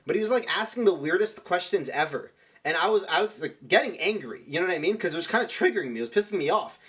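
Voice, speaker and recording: Fast-talking young man telling a story. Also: high-pitched, animated, a bit bright. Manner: rambling, lots of "like" and restarts. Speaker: streamer. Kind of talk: casual storytelling to stream viewers.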